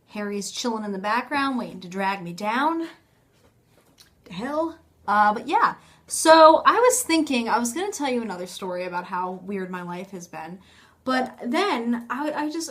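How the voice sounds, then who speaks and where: A woman's voice: fairly high pitch, fairly bright tone. A young woman talking casually to her phone camera in a rambling, self-mocking vlog, full of fillers. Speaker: vlogger.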